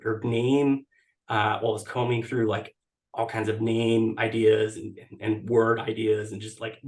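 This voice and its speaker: A man speaking as a guest over a video call, talking casually with many fillers and restarts. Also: medium pitch. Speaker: podcast guest, blog editor. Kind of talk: casual interview talk.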